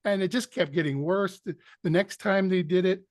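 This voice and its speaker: Male actor guest, fairly high-pitched, dry close recording, animated storyteller. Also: normal speed, dry recording. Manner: animated anecdote teller, acts out quotes. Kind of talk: storytelling in an interview.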